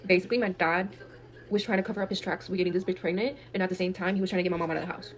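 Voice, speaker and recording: Talking very fast in a lowish voice, this young Texan guest tells a wild tale about her family. She swears freely, stays animated, and performs the quoted lines.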